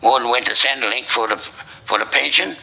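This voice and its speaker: Older aussie bloke rattling off jokes, really bright sharp voice, rambly, chuckles at his own lines. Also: medium pitch, fairly quick, gravelly, low-quality recording. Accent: Australian. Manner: rambling yarn-spinner who chuckles at his own punchlines. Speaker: joke teller. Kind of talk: casual joke-telling.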